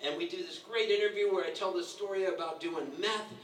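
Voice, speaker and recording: Speaking fairly quickly in a high-pitched voice, this sixty-something man roasts someone at a bar full of listeners, laughing through his stories and mimicking what others said. The recording picks up echo and background noise from a far-off microphone.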